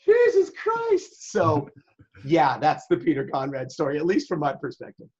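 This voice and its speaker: Profane, animated man with a husky voice. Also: a little high, normal speed, highs cut off. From Southern California. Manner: profane, animated, impersonates people in anecdotes. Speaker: interview guest, sailing website owner. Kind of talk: casual storytelling.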